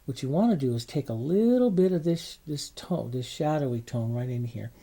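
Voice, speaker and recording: A man teaching a painting lesson, explaining each brushstroke in a relaxed way, with fillers and repeated words as he works. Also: medium pitch, normal speed. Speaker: painting instructor.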